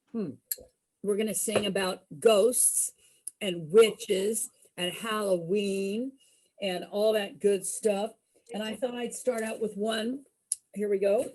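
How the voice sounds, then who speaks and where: Slow-talking cheerful woman leading a sing-along. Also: medium pitch, a little mellow, breathy edge. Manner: cheerful, gives simple step-by-step directions.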